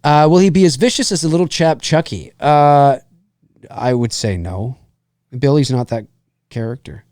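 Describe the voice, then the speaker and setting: A man's voice: mid-range voice, moderate pace, darkish tone, no echo. A man hosting a live movie commentary podcast, reading viewer questions aloud in a casual, laughing way. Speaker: podcast host.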